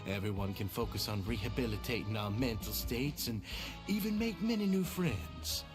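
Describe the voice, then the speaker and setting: A man's voice: medium pitch, natural voice. Man voicing an earnest, formal society leader. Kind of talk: studio game voice acting. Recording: game audio with faint music.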